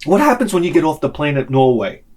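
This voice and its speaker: Animated, high-swinging man. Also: fast talker, slight background noise. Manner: animated, swings loud and quiet, acts out quotes. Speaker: channel host. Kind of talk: casual storytelling vlog.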